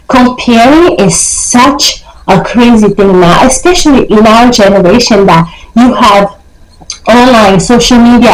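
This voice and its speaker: Young woman doing a motivational vlog, keeps repeating her points, echoey room. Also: medium pitch. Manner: emphatic, repeats points, coaxing "okay?". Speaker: vlogger giving life advice. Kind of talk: casual motivational talk to camera.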